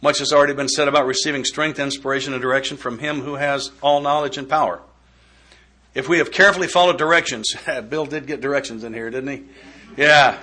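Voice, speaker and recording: Bright-voiced folksy man giving a talk. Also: medium pitch, fairly even intonation, a little fast. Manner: folksy, joking, conversational. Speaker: workshop speaker. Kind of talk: recovery step study talk.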